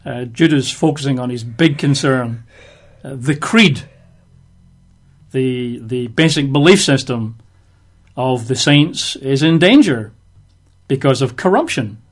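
A man's voice: mid-range voice, lively intonation, takes it slowly, breathy edge. Conversational man teaching the Bible. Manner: explanatory, uses everyday examples.

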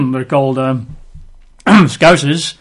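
A man's voice: medium pitch, extremely slow. A man teaching from the Bible in a chatty sermon style, with wry asides. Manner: chatty, wry asides between scripture readings. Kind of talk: conversational sermon.

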